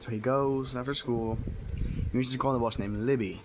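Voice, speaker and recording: A man's voice: mid-range voice, steady tone, moderate pace. A man giving a casual book review, retelling the plot in a rambling way with many fillers. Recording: noisy home recording.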